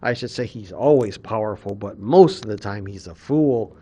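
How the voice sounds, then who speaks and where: A man, a college professor, casually retelling a creation story in a lecture, animated and full of fillers. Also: fairly low pitch, moderate pace, breathy edge.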